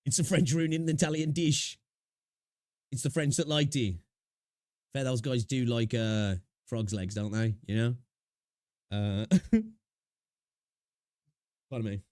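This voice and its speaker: A young man runs a relaxed live stream, reacting to videos and talking to his chat in easy slang. His voice sits in a plain middle range and he laughs often. The sound is dry and close, with no room echo. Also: medium pitch, unhurried, long pauses. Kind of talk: casual live-stream commentary.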